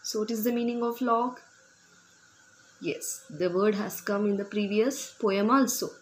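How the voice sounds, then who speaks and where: Slow, patient teacher woman. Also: mid-range voice, poor audio. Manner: patient, repeats words and asks children simple questions. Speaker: primary school teacher. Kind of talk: slow classroom explanation to young children.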